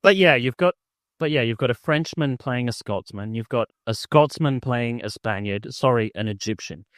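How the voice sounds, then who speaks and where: A man's voice: medium pitch, moderate pace, a bit bright, clear, resonant tone, no echo. Male podcast co-host with a mid-range voice, an easygoing rambling delivery and a dry recording. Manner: rambling, full of "like" and restarts, enthusiastic. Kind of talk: casual film-review chat.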